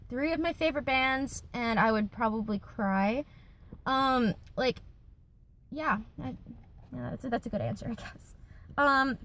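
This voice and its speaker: A woman's voice: fairly high pitch, fairly bright tone. A woman in her twenties, chatting casually in a Q&A vlog from her car, with lots of fillers and giggles. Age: 20s. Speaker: YouTuber.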